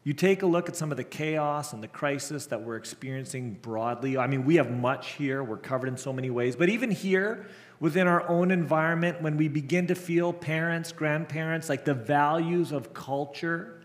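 A man's voice: a little high, moderate pace. A middle-aged man, a camp director, preaching with earnest storytelling and frequent restarts. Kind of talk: sermon. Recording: long hall reverb.

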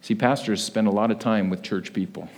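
A man preaching a sermon as a pastor, telling a story with lively acted-out voices. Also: fairly low pitch, moderate pace.

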